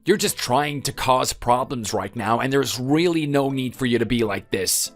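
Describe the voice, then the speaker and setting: A man's voice: medium pitch, normal speed, faint music behind, lightly acted. A man voicing a defensive husband who insists he did enough for his wife and begs her not to leave. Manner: defensive, then pleading. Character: defensive husband pleading to save his marriage. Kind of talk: text-message story dramatization.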